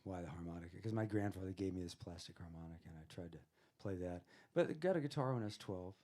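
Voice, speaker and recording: A man's voice: low voice, lively intonation, quick pace, dark tone. A man who is a singer-songwriter, telling rambling anecdotes on stage between songs, chuckling as he goes. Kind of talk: casual storytelling on stage.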